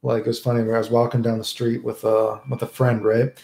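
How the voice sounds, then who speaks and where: A man's voice: medium pitch, completely flat delivery, quick pace, gravelly, warm tone, reverberant. A man chatting casually on a stream, rambling and answering viewer questions, often tagging "right?" onto his sentences. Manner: rambling, keeps adding "right?".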